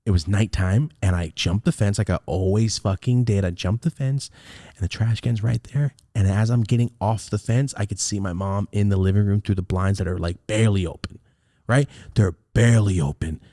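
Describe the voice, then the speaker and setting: A young man hosting a podcast, telling a story in a casual, profane, animated way and acting out the scenes, on a close mic. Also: fairly low pitch, normal speed, no room sound. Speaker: podcast host.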